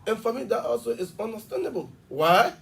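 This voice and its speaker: A man's voice: high-pitched, big pitch swings, vocal fry, fairly bright tone, recorded from a distance, slight background noise. A man, an education official explaining at length in a TV interview. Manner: fast, emphatic explaining with examples. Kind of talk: television interview.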